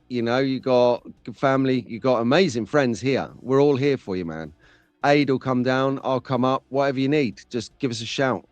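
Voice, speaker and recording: A man's voice: medium pitch, dry recording. A man hosting a casual live stream, chatting and bantering with viewers in the chat. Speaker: livestream host.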